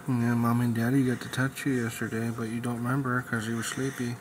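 A man talking softly to his newborn son as his father, cooing and repeating himself. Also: mid-range voice, flat delivery, a little hiss or hum, rough recording. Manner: soft, slow, repetitive cooing. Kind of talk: baby talk to newborn son.

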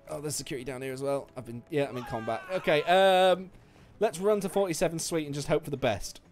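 A man streaming a video game, commenting live with swearing, shouting and laughing. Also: on the high side, quick pace, soft background music.

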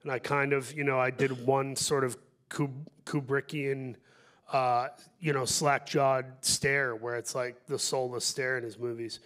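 A man's voice: mid-range voice, flat delivery, a little slow, a bit bright. Guy at a film q&a, jokey and rambly, pokes fun at himself. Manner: joking, rambling, self-deprecating. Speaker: actor on a panel. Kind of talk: festival Q&A answers.

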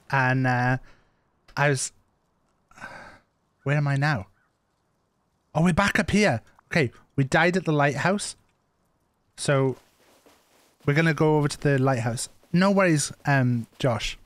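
A man streaming a survival game, his voice sitting a little high. He chats loosely into his mic and often repeats himself as he thinks aloud. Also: no echo. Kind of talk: live gameplay commentary.

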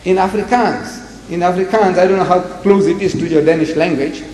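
Older man, public debate lecturer, slightly high voice, emphatic and animated, big echoey hall. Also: moderate pace, a little hiss or hum. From South Africa. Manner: emphatic, animated, quotes scripture and acts out dialogue. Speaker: lecturer on religion. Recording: echoey hall, long reverb.

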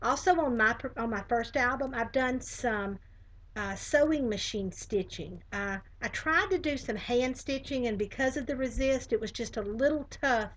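A woman's voice: a little high, normal speed, fairly bright tone, a little hiss or hum, low-quality recording. Chatty Southern woman demonstrating crafts. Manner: chatty, friendly, many fillers. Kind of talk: live craft tutorial.

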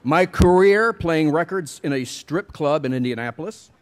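A man's voice: on the high side, expressive, moderate pace. A middle-aged man giving a commencement speech, telling wry, self-deprecating stories at a podium mic. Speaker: commencement speaker.

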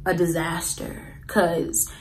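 A woman's voice: lowish voice, flat delivery, takes it slowly, a little mellow, poor audio. A young woman telling a storytime to her viewers in a casual, slangy way, talking straight to the audience. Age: young adult. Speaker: vlogger.

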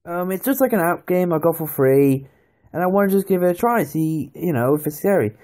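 A man's voice: sits high, expressive, brisk, mellow. A young man casually commenting on a phone game he is playing, rambling and nervous, recorded on the phone itself. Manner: nervous, jumpy, rambling with fillers. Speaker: gaming channel host.

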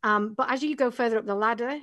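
A woman's voice: on the high side, fast talker, a bit bright, dry recording, clean studio sound. A middle-aged woman from England with an English accent, a talkative guest in a casual podcast interview. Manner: chatty and talkative. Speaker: guest, business coach.

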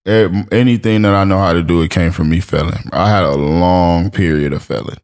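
Laid-back low-voiced man, slangy stories. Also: brisk, a little mellow, clean tone. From Los Angeles. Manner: laid-back storytelling, heavy slang and swearing. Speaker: podcast guest, streetwear brand owner. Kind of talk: casual chat.

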